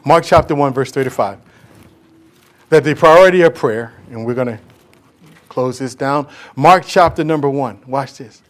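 A pastor preaching a sermon emphatically, often repeating words for stress. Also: male voice, mid-range voice, moderate pace.

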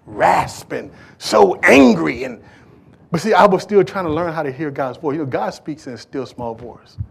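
A male preacher with a fairly high voice delivers a sermon in a folksy, chatty manner. He stumbles over and restarts phrases and turns to the congregation with asides. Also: creaky, slightly rough.

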